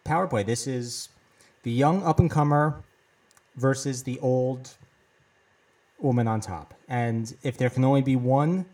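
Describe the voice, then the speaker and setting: A man co-hosting a chat who lays out his points in a measured, explanatory way. He leans on uh fillers as he thinks. His voice sits a little away from the microphone. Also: medium pitch, darkish tone, distant mic. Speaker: podcast co-host. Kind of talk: casual chat. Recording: voice set back from the mic.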